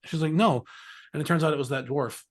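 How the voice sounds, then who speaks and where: A man's voice: fairly high pitch, a little fast. Rambling, cussing man telling stories. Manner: rambling, profane, laughs often. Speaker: interview guest, musician. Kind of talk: casual storytelling.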